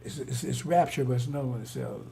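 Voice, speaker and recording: Gravelly man preaching in rambling talk. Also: mid-range voice, fast, dark tone, slight background noise. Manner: rambling, repetitive, rhetorical questions. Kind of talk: informal religious talk.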